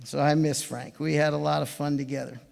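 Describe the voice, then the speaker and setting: An animated older man in his seventies spins anecdotes in a fairly high voice, chuckling as he goes. His speech sounds from a large conference hall with a long reverb trailing each phrase. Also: brisk, vocal fry. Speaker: swim coach giving induction speech.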